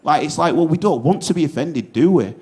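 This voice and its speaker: A man's voice: a little high, expressive, brisk, darkish tone. A man with a Yorkshire accent doing a stand-up set, telling stories in an earnest, casual way with some swearing. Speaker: stand-up comedian.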